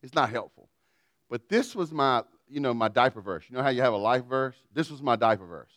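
A man's voice: mid-range voice, animated, a little fast, fairly bright tone, no room sound. A man preaching a sermon in a folksy, humorous storytelling way. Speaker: pastor.

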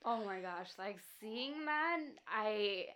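A woman co-hosting a podcast in casual chat, chiming in with quick, emphatic agreement. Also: mid-range voice, animated, bright, forceful tone, smooth. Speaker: podcast co-host.

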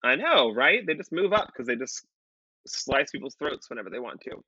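Male podcast guest, bright forceful voice, dry dull lo-fi sound, animated swearing storyteller. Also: mid-range voice, normal speed, breathy edge, dry recording. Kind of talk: casual storytelling chat.

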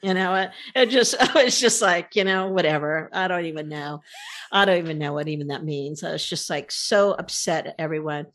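A woman in casual conversation, telling a long personal story in an animated, rambling way. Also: sits low, brisk.

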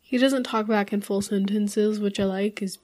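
A woman's voice: mid-range voice, steady tone, moderate pace, darkish tone, slight background noise. A young woman chatting casually in a group. She rambles through personal stories with lots of fillers. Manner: rambling, many fillers, laughs often. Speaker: group chat participant.

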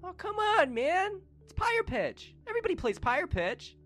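A man voicing a bratty, lovesick young boy in a tabletop game, whiny and loud. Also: very animated, normal speed, faint music behind, full character voice. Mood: insistent. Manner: whiny, high-pitched and loud.

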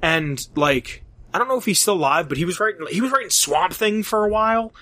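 A young man chats casually and rambles, packing his talk with fillers and curses. His voice is bright and forceful and sits a little high for a man. The sound is close and dry. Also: expressive, brisk, no echo. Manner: rambling, filler-heavy, profane. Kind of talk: casual chat.

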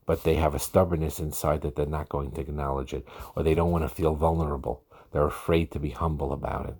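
Male marriage counselor, very deep and husky, earnest, repeats for emphasis. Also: warm tone. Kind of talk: podcast lecture on marriage.

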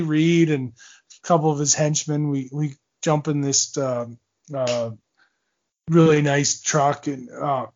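A man's voice: fairly high pitch, lo-fi sound. A man in his forties, a former hockey player, telling long stories in a casual interview, rambling with fillers, restarts and laughs.

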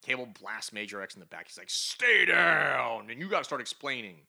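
Animated, bright-voiced man reviewing comics. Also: on the low side, rapid-fire. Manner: animated, laughing, reading comic dialogue aloud. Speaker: podcast co-host. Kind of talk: casual comic book review chat.

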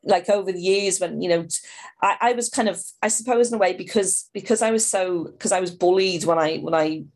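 A middle-aged woman with a Dublin Irish accent that has picked up a Liverpool tinge, talking in a relaxed interview. She tells stories in a lively, conversational way, slipping into other people's voices and often restarting her sentences. Her voice sits a little low for a woman. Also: a little fast. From born in England, raised in Dublin. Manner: animated, acts out voices in her anecdotes, frequent restarts. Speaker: interview guest. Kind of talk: conversational storytelling.

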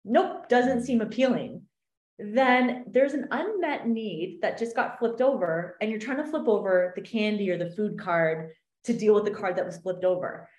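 A woman coach explaining an exercise in an animated podcast chat, acting out little voices in her examples. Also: mid-range voice, moderate pace, hardly any pauses. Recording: roomy echo.

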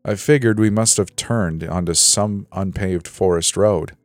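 Deep-voiced male horror narrator. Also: measured pace, no echo. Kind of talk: scripted narration. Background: faint music.

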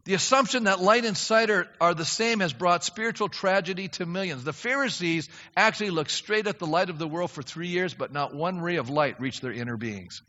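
An older male pastor delivers an earnest, emphatic sermon, his voice high for a man and bright. The sound is dull and lo-fi, with long reverb rolling around the hall. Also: a little fast, few pauses. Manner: earnest, emphatic preaching that rises to fervent prayer. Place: church sanctuary.

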